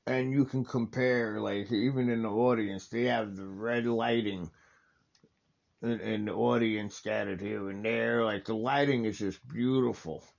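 Gravelly-voiced man rambling over a wrestling watch-along. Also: fairly low pitch, fairly even intonation, unhurried, highs cut off. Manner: rambling, enthusiastic, full of fillers and restarts.

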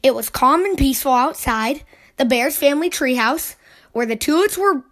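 A woman reading a children's picture book aloud, giving the characters lively, excited voices. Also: high voice, moderate pace.

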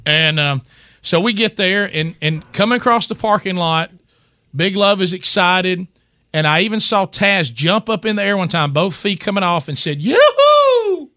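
Bright-voiced storyteller man. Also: sits high, moderate pace, no room sound, studio quality. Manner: animated storyteller, many restarts. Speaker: radio show host. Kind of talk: storytelling casual chat.

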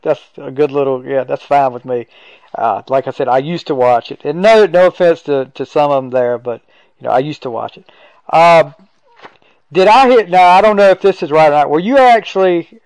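A man's voice: on the high side, a little mellow, clear, resonant tone, no echo, low-quality recording. A man hosting a casual interview, speaking hesitantly with repeated words and an agreeable manner. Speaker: podcast host.

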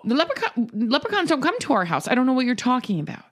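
Woman guest, lively pitch, chatty animated storyteller. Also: fast. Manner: animated storytelling, acts out her kids. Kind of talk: casual podcast chat.

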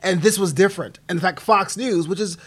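A man co-hosting a casual podcast chat, jokey and quick, with laughing asides. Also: sits high. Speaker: podcast co-host.

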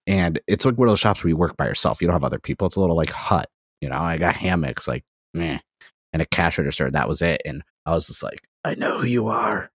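A man in his thirties, appearing as a podcast guest, spins long, rambling anecdotes in casual conversation, acting out quotes with a steady stream of "I was like." His voice sits low and he talks fast. The recording is studio quality with no echo.

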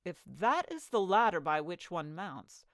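A woman voicing a young prince in a storybook reading, speaking slowly and deliberately. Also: fairly low pitch, sing-song, fairly bright tone, dry recording, studio quality, exaggerated voice. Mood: resolved. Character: young prince, bold and smitten.

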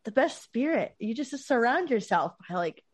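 A woman hosts a podcast in easy, chatty conversation, laughing often. Her voice is mid-pitched and sounds dry and close. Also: big pitch swings, husky, no room sound. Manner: chatty, giggly, quick to laugh. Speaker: podcast host. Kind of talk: casual chat.

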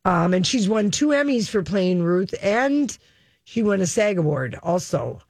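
A woman's voice: mid-range voice, sing-song, unhurried, darkish tone, dry recording. Lady host rambling thru gossipy chat, lots of ums, dry studio sound. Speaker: radio show host. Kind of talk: casual entertainment chat.

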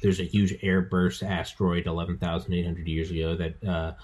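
Male podcast host, 30s, lowish husky voice; excitable, profane, rambling, stumbles on repeats. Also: fairly quick. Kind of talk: casual podcast chat.

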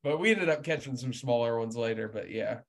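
A man's voice: medium pitch, a little fast, vocal fry. A young man from Indiana, a podcast guest, telling a fishing story in casual chat and acting out what people said. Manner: animated storyteller, laughs often, acts out quotes.

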